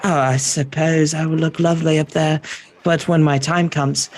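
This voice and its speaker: A man's voice: on the high side, flat delivery, normal speed, a little mellow. A man playing a tabletop game, talking in character in a pompous, mock-polite way. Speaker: player. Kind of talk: in-character role-play.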